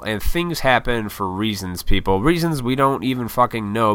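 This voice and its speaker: A man's voice: mid-range voice, a bit bright, smooth, no room sound. A man in his thirties, a YouTuber, in a casual, rambling, profane vlog monologue. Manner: rambling, profane, laid-back, self-deprecating.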